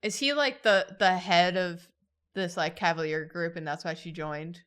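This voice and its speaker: A woman's voice: on the low side, moderate pace, a bit bright, clear, resonant tone. A woman chatting playfully as a regular on an art show. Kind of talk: casual chat.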